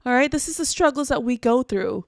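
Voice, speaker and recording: A woman's voice: sits high, animated, a little fast, no echo, clean studio sound. A woman co-hosting a podcast in casual chat, blunt and teasing, sometimes mock-lecturing her listeners. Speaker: podcast co-host.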